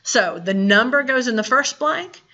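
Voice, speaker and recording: A woman teaching a Spanish lesson, explaining slowly and deliberately with playful asides. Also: a little high, expressive, pushed and bright. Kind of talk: recorded classroom lesson. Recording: dull lo-fi recording.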